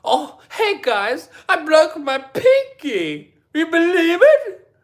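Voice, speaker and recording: A whiny male skate vlogger brags in a high, nasal, sing-song whine, as a man mocks him. The voice swoops up and down with exaggerated cheer. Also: wildly swooping pitch, slow, heavily acted. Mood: mocking whine.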